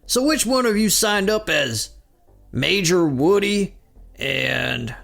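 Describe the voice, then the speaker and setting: A man's voice: sits high, very animated, slow pace, gravelly, fairly bright tone, faint music behind, voice pushed up, exaggerated voice. A man voicing a hot-tempered male army recruiting sergeant, with a barking, exaggerated delivery. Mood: mocking, furious.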